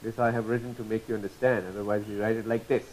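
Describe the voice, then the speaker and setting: A man teaching a lesson, patiently spelling out terms, repeating examples slowly and asking checking questions. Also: fairly low pitch, level tone, darkish tone, rough recording. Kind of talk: explanatory lesson.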